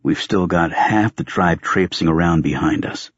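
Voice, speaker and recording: Snappish tired army medic, low husky voice, as a man reads him, dry muffled tone. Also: normal speed, no echo. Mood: curt.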